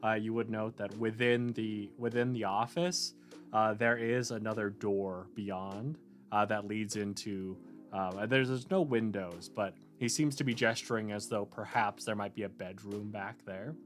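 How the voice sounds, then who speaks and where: A man's voice: on the low side, fairly even intonation, a little slow, faint music behind. A man narrating a tabletop game as game master, hesitant and full of fillers. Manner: hesitant, many fillers and restarts.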